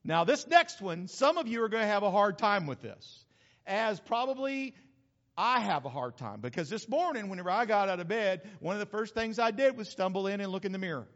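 A man's voice: high voice, lively intonation, brisk, fairly bright tone. A male pastor preaching a sermon in a church, emphatic and calling out to the congregation. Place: church sanctuary. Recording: echoey hall, dull lo-fi sound.

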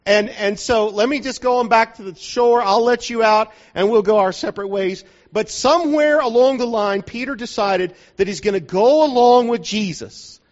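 A man's voice: high voice, moderate pace, hardly any pauses. A man preaching a sermon in a conversational, joking way, often asking the listeners whether they are following, in a dull lo-fi recording from a church hall.

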